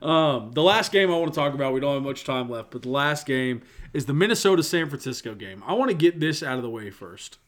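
A man's voice: medium pitch, expressive, a bit bright. A young man co-hosting a casual sports podcast, playful and teasing. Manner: playful, teasing, quick to laugh. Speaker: podcast co-host.

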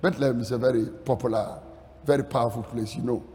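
A man preaching a sermon dramatically, dropping to a hush and then rising to sing-song shouts. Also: mid-range voice, fairly even intonation, fast talker, long reverb tail.

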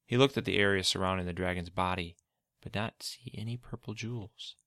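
A man narrating a storybook in a steady, measured read-aloud delivery. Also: sits low, no room sound, studio quality.

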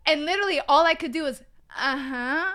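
A woman co-hosting a casual faith podcast, her voice bright and crisp, sitting a little high. She tells stories in an animated way, full of fillers and sudden lively bursts. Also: moderate pace. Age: adult with a daughter. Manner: animated storyteller, many fillers. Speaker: co-host.

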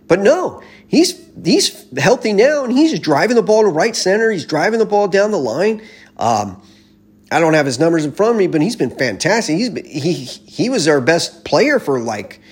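A man holds forth in a loose, rambling sports rant, blunt and heavy on swearing. His voice sits a little high with a husky, breathy grain. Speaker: baseball fan commentator.

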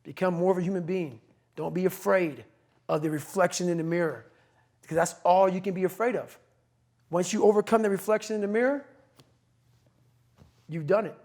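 A man's voice: high voice, moderate pace, pauses often, darkish tone. A middle-aged man speaking as an interview guest, blunt, profane and emphatic in an intense motivational way. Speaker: podcast guest.

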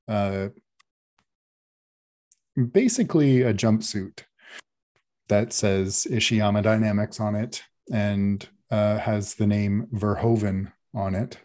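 A man's voice: fairly low pitch, slow, mellow. A man narrating a tabletop game as game master, describing scenes at length with frequent fillers.

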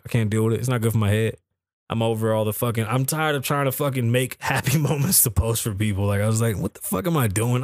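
A man hosting a solo livestream podcast, talking in an animated, profane way that swings between loud bursts and low mutters. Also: no room sound, clean studio sound. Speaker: podcast host. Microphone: studio microphone.

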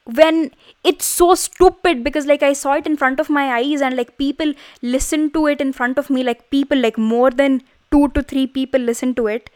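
A young woman hosts her own casual solo podcast, rambling with lots of fillers like "like" in animated self-talk. Her voice is high and a little fast, with hardly any pauses. She's close to a studio microphone, and the recording is dry.

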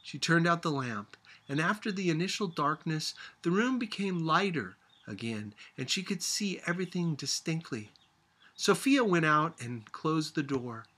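A man reading a novel aloud as a teacher, with expressive delivery that sometimes drops to a whisper. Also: a little high, unhurried, slightly rough.

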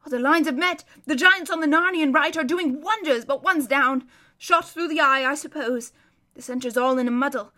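A woman's voice: high voice, normal speed, pushed and bright. A woman voicing an old male hermit who describes a distant battle as a vivid, emphatic running commentary. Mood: urgent.

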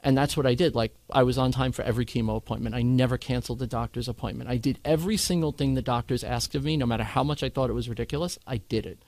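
A man candidly recounting a hard experience in conversation, earnest and animated when he quotes others. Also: medium pitch, rapid-fire, creaky, hardly any pauses, no echo. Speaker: guest sharing his cancer story.

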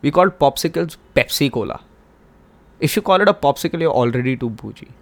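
Young guy hosting a podcast, gravelly voice, hyped and rambly, swears a lot. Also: a little high, animated, fast. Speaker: podcast host. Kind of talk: casual monologue.

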